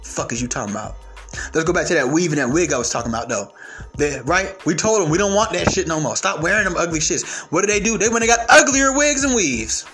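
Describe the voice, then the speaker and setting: A man's voice: high voice, animated, fast, over music. A young man from the United States who stutters, delivering a brash, profane comic rant. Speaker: vlogger.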